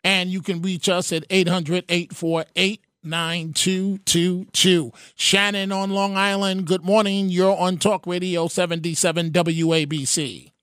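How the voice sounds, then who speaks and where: A middle-aged man hosting a radio talk show, speaking haltingly with many restarts and cutting in on callers. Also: high voice, little pitch movement, fairly bright tone, clean tone, dry recording, studio quality. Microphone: studio mic.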